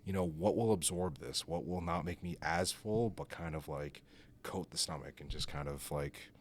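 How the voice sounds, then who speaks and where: A man's voice: rumbling low, normal speed, slight background noise. A man guesting on a podcast, telling stories in a rambling, casual way full of fillers. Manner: rambling, filler-heavy storytelling with laughs. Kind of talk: casual chat.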